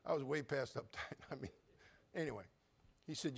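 An older man preaching a sermon, folksy and joking, telling stories and rising into loud preaching at times. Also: medium pitch, measured pace, vocal fry, pauses often, breathy edge. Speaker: pastor.

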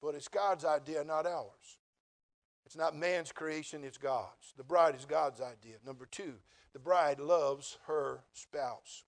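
A middle-aged man preaching a sermon, telling a funny personal story in a folksy, animated way. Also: on the high side, takes it slowly, creaky. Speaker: preacher and Bible college teacher.

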